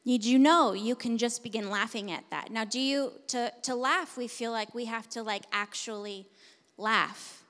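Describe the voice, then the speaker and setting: A woman pastor preaching a sermon, moving between hushed, intimate passages and loud, forceful declarations. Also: a little high, moderate pace. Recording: long hall reverb.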